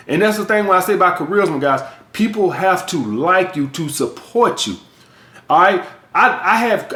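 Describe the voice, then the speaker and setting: A man's voice: high voice, a bit bright. A man from the US South with a Southern accent, giving blunt, profane dating and sales advice as a coach in a vlog monologue. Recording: echoey room.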